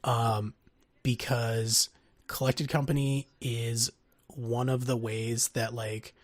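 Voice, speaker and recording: A man co-hosting a podcast, talking casually and haltingly about card game strategy with many pauses. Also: medium pitch, flat delivery, no room sound. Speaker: podcast co-host.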